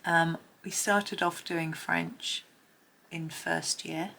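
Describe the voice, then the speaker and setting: Woman, middle-aged, narrates colouring in a soft half-whisper, low and gravelly, faint room hiss. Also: fairly even intonation, extremely slow. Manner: soft-spoken, often half-whispering, chatty with small laughs. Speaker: colouring tutor. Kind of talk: casual narrated drawing tutorial.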